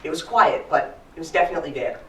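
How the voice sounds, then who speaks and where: A man telling a story live to an audience in an animated, playful way, heard from far off. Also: fairly high pitch, fast talker, a little hiss or hum. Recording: roomy hall, mic from far off.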